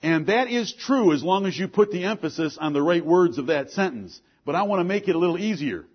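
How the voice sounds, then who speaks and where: A man preaching a sermon with force, asking pointed questions and swinging between loud and low lines. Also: lively intonation, fairly quick, slightly rough, dull audio. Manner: forceful preaching, rises and drops sharply, rhetorical questions. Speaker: pastor.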